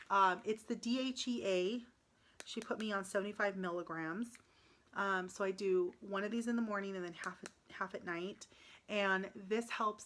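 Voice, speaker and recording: A woman's voice: medium pitch, fairly bright tone, slight background noise. A woman in her late thirties talking in a casual personal vlog, upset and close to tears, with frequent ums and restarts. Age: 30s. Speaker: vlogger.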